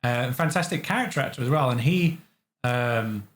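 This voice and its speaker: A man from England who designs games, telling lively studio stories as an interview guest and acting out the voices of the people he quotes. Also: mid-range voice, normal speed. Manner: animated storyteller, acts out quotes. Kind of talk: casual interview chat. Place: living room.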